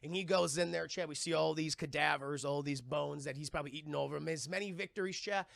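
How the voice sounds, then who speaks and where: Gravelly, high-voiced male streamer. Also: no room sound, clean studio sound. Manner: animated, profane, quick voices for characters. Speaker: live streamer and film reviewer. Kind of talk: casual scene-by-scene film retelling.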